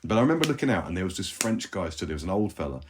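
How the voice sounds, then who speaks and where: A man, a band member telling tour stories in a relaxed podcast chat, animated and full of restarts. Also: low-pitched, very fast, noisy background. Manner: animated anecdote-teller, many restarts.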